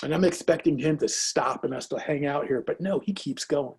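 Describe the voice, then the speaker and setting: Husky man telling a diving story. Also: a little high, a little fast. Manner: animated, acts out quoted thoughts. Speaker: business speaker. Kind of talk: motivational storytelling talk.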